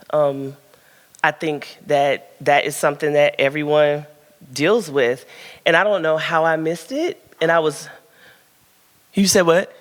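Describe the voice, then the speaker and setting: A candid woman author chats with her audience at a live book event, laughing easily and telling stories full of ums and likes. Her voice carries a long reverb from the hall around her. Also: sits low. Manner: frank, chatty and laughing, tells stories with lots of fillers. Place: event room at a book launch.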